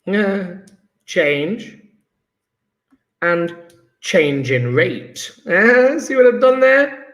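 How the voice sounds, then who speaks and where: A man teaching a chemistry lesson live online, enthusiastic and coaxing, praising students by name with quick asides. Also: high voice, very animated, a bit bright. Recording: roomy echo.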